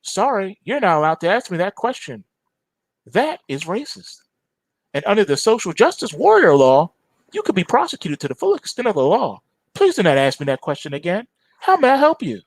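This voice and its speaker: A man's voice: sits high, wildly swooping pitch, normal speed, dry recording, exaggerated voice. A man voicing a female AI customer service agent in a smug, scripted, politely robotic manner.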